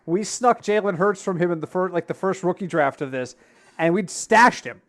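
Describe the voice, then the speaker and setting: Animated man telling a long anecdote. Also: sits high, fairly quick. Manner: storytelling, acts out quoted dialogue. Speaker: podcast co-host. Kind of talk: casual chat.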